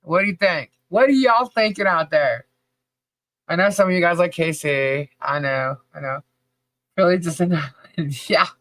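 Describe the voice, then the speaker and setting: A woman's voice: fairly low pitch, unhurried, fairly bright tone, no room sound. A woman co-hosting a podcast livestream, chatting casually, laughing often and greeting viewers by name. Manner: laughs often, loose and joking; reads out viewer names one by one. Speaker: podcast co-host.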